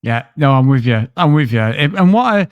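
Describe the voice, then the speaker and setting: A man's voice: mid-range voice, lively intonation, brisk, clear, resonant tone, no room sound, muffled recording. A man co-hosting a casual film review podcast, blunt and sweary, ranting about a movie he dislikes. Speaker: podcast co-host reviewing films.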